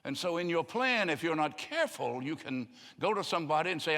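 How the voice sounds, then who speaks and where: An older pastor preaches in a church sanctuary with folksy storytelling, often acting out the voices of people he quotes. His fairly bright, higher voice moves fairly quickly with big pitch swings, and the recording carries long hall reverb.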